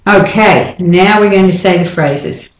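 A woman leads a pronunciation lesson, speaking slowly and carefully as she models each word and says it again. Her voice sits a little low and sounds roomy, as if recorded in an echoey space. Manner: demonstrates words slowly, repeating them. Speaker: English accent teacher.

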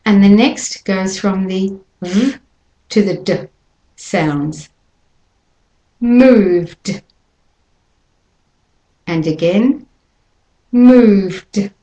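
A woman teaching pronunciation in a slow, careful lesson, setting out each word so learners can copy it. Her pitch sits in a middle range. The room adds a noticeable echo. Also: lively intonation, mellow. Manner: careful, deliberate, models words slowly for copying. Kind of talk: slow instructional lesson with repeated examples.

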